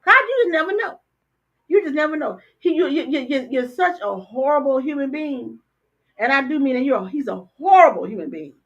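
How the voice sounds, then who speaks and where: An older woman co-hosting a casual talk show, blunt and animated, often stammering and repeating words. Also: sits high, fairly quick. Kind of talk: casual political chat. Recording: dull lo-fi stream audio.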